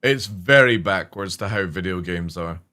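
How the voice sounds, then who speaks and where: A man's voice: low voice, normal speed, pushed and bright. A man streaming a game, ranting casually about its design, swearing often and sounding exasperated. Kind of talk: profane casual rant while streaming.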